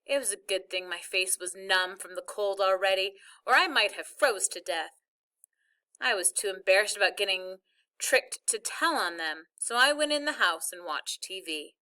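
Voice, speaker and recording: A woman's voice: mid-range voice, normal speed, bright, forceful tone. A woman reading a first-person novel chapter aloud as narrator. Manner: plain storytelling.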